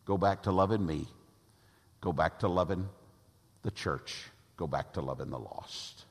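A man's voice: sits low, gravelly. A man preaching a sermon as pastor, emphatic and repeating phrases for effect. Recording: long reverb of a large hall.

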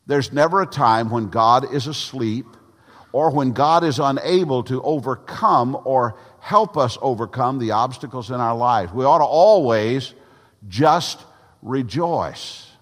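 An older man from Tennessee, preaching a sermon with emphatic pauses and folksy stories. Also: mid-range voice, animated. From Tennessee, USA. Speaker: pastor. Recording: long hall reverb.

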